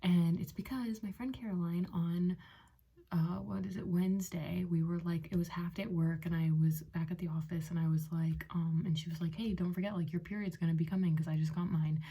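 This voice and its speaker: Late 20s woman vlogging at home, low-ish voice w/ lots of fry, rambly and excited, says like a lot. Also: a little fast. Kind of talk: casual personal vlog. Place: at home in a bedroom.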